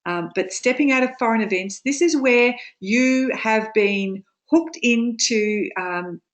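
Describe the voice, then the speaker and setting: A woman teaching a study group in a webinar, explaining steps slowly with frequent ums. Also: on the high side. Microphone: webinar microphone.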